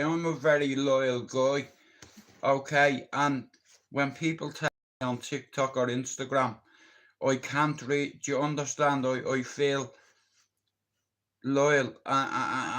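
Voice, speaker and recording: Slow-talking, blunt middle-aged Irishman. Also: medium pitch, fairly bright tone. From Ireland. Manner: rambling, blunt, heart-on-sleeve, swears freely. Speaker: livestreamer. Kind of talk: casual live-stream chat.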